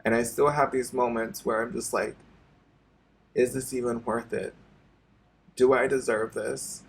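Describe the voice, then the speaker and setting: A man vlogging an emotional personal confession to his viewers, halting and repeating himself and swearing often. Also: medium pitch, little pitch movement, husky.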